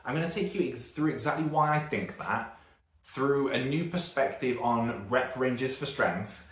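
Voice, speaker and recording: A man's voice: medium pitch, roomy sound. A British man in his thirties, a strength coach, giving a casual and rambling video lesson full of tangents and self-corrections. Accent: British, northern English. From Britain.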